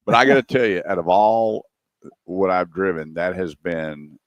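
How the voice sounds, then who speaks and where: A man co-hosting a radio show, telling a lively story and acting out what people said. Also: sits low, moderate pace, dry recording. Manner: animated storyteller, acts out quotes. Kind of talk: casual radio chat and storytelling.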